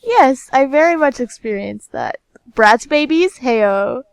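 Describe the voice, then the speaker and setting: A woman's voice: high-pitched, animated, slow, gravelly, no echo. A woman guest on a casual podcast, mostly reacting with short interjections. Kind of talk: casual chat.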